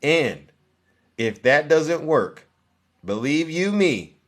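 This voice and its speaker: A man's voice: a little high, sing-song, very slow, fairly bright tone. A man hosting a live stream of political commentary. He reads a prepared text in a mock-solemn tone and breaks it up with sarcastic, teasing asides to his viewers.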